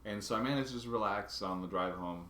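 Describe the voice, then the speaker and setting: A man vlogging casually, telling a story in a halting way and often restarting his words. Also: lowish voice, sharp tone, reverberant. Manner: halting, restarts and repeats words while recounting a grievance.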